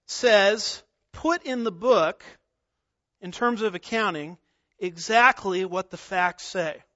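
A man preaching an expository sermon, deliberate and emphatic, repeating key words. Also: sits high, sharp tone, no room sound, lo-fi sound. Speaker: pastor.

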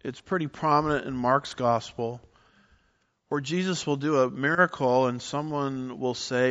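A man's voice: medium pitch, unhurried, a bit bright, muffled recording. A man preaching a sermon, teaching with emphasis and citing scripture verses as he explains. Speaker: pastor.

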